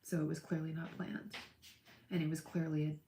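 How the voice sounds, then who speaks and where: A woman's voice: deep voice, flat delivery, normal speed, dark tone, echoey room, a little hiss or hum. A young woman chatting with viewers on a live tarot stream, gushing and emotional, calling people by name. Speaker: livestream tarot reader.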